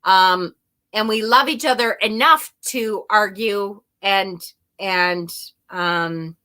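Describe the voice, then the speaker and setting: A woman's voice: mid-range voice, slow, bright, forceful tone. A woman talking casually and candidly to her viewers, rambling a little, swearing and laughing at herself, and reading viewer comments aloud. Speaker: spiritual vlogger. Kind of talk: casual confessional talk to viewers.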